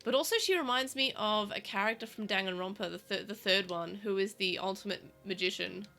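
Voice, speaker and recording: Bright-voiced chatty Australian woman. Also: mid-range voice, brisk, creaky, faint music behind. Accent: Australian, South Australian vowels, living in Melbourne. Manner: chatty and rambling, many fillers and restarts. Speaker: podcast co-host. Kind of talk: casual chat.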